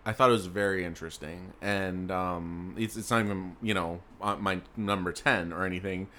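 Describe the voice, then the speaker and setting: A young man with a lowish voice co-hosting a relaxed podcast. He rambles through asides, trails off mid-sentence and laughs often. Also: moderate pace. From South Florida. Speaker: podcast co-host. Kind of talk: casual chat.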